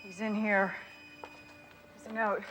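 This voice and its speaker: A sharp level-headed detective. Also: female voice, mid-range voice, little pitch movement, slow, faint music behind, low-quality recording. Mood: firm. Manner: firm, reasoning. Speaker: police detective.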